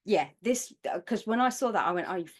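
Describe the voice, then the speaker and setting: A woman's voice: mid-range voice, lively intonation, a little fast, breathy edge. Blunt, chatty Northern English woman. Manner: chatty, blunt, swears casually. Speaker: podcast co-host. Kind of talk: casual chat.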